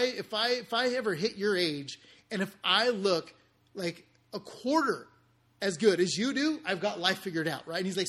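A high-voiced man telling a story to his viewers in a loose, animated way. He talks in slang and keeps checking in with a quick "okay?" after almost every line. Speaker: podcast host.

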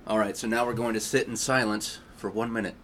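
A man's voice: fairly low pitch, fairly even intonation, a little fast, fairly bright tone, slight background noise. A man hosting a casual chat, reading out prompts in an amused way and laughing often. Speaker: podcast host. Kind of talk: casual question-and-answer chat.

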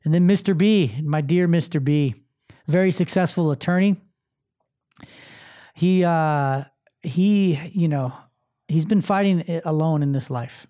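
Emphatic, mellow-voiced male podcast host. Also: on the high side, a little slow, pauses often. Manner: emphatic, profane, repeats phrases for stress. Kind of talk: casual motivational monologue. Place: filming himself on camera.

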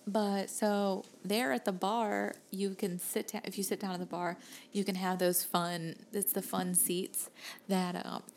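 A woman's voice: mid-range voice, flat delivery, a little slow, a little mellow, a little hiss or hum. A young woman with a Southern US accent, co-hosting a podcast and telling stories in casual, rambling chat. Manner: rambling storyteller, laughs easily. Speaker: podcast co-host.

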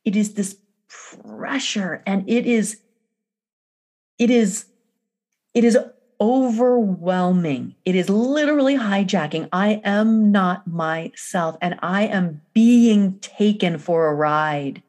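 A woman coach talking slowly and deliberately through an intense personal story. She leans on repeated phrases and long dramatic pauses. Her pitch sits in a middle range for a woman. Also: animated, a little mellow. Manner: emphatic, repetitive, dramatic pauses. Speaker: energy coach.

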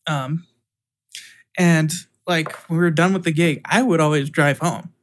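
A man's voice: fairly high pitch, steady tone, a little slow. A man co-hosting a casual podcast, chatting about gigs with hesitant, dry asides.

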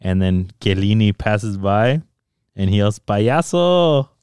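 A man co-hosting a soccer podcast in casual, animated chat, swearing freely and switching into Spanish. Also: lowish voice, a little slow, smooth, no room sound, studio quality.

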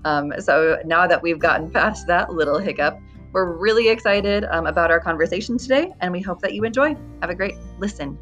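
A woman's voice: fairly low pitch, animated, a little fast, a bit bright, highs cut off, faint music behind. A young woman co-hosting a casual podcast from home, a chatty storyteller who laughs often. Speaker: podcast co-host.

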